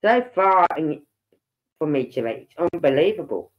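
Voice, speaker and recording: Speaking at a normal speed, a Birmingham-born livestream host talks casually with her live audience in a low voice full of big pitch swings and a Birmingham accent. She tells loose, chatty stories and slips into other people's voices when retelling what they said. Her stream sounds dull and lo-fi.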